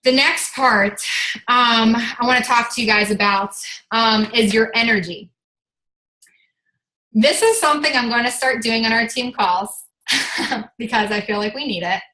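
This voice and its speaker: Bright, chatty woman coaching her team. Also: on the high side, a little slow, long pauses, echoey room, rough recording. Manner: energetic and chatty, fillers of "like", casual swearing. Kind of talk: motivational team call.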